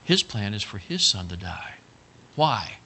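A man preaching an earnest, folksy sermon that swings between hushed and loud. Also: fairly low pitch, very animated, unhurried, slight background noise.

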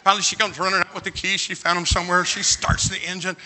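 Bright high-voiced preacher. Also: male voice, fast talker. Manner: animated, comic, bursts into shouts. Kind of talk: humorous storytelling sermon.

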